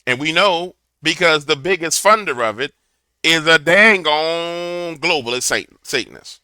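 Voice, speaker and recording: A man's voice: fairly high pitch, animated, unhurried, bright, forceful tone, smooth, no room sound. A man giving a preachy political commentary to a camera, telling a fiery story. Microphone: camera mic.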